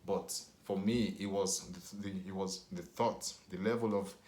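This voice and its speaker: A Nigerian man vlogging to camera, his voice low and deep. He tells his story in a loose, rambling way, full of "you know", and the room gives back a clear echo. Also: fairly even intonation, measured pace, darkish tone.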